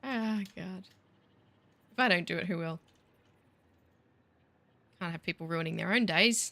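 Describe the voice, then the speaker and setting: Woman gaming host, wry self-mocking commentary, bright lowish voice, dry close sound. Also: measured pace, gravelly, pauses often, dry recording. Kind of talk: casual gameplay commentary.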